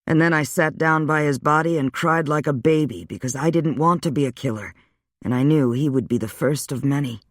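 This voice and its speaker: A man voicing a weary, wry male vampire, speaking low and subdued in a dry audiobook reading. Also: brisk, no echo, natural voice. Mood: rueful.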